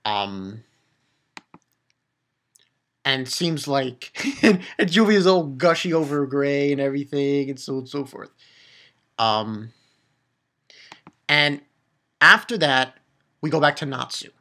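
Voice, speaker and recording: A man casually recapping a manga chapter, rambling and swearing, with many restarts and bursts of excitement. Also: medium pitch, slow, long pauses.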